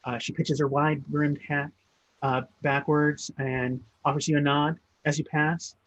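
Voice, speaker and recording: A man's voice: fairly high pitch, level tone, unhurried, a bit bright, poor audio. A man narrating a tabletop game as game master, in a meandering, hesitant way.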